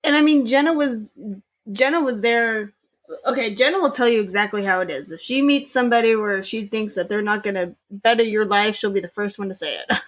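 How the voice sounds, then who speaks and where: A woman's voice: medium pitch, fairly quick. A woman co-hosting a podcast in a casual chat, teasing and laughing often. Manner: giggly, teasing. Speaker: podcast co-host.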